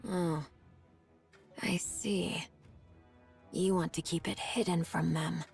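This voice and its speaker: A woman voicing a calm, cryptic female Rapture advisor in a video game, with a low, deadpan delivery. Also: slow pace, vocal fry, faint music behind. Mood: cool, probing.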